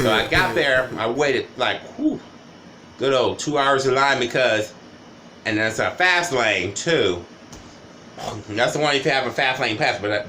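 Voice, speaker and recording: A man vlogs a rambling, casual storytime monologue in a sharp, medium-pitched voice, frequently tacking "right?" and "you know" onto his sentences.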